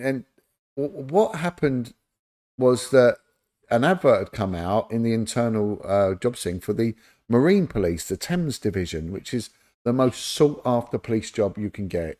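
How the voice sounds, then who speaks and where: A middle-aged man, telling lively stories as an interview guest and acting out the dialogue. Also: mid-range voice. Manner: animated anecdote-telling, acts out quoted dialogue. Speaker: interview guest, former police officer. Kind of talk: casual storytelling.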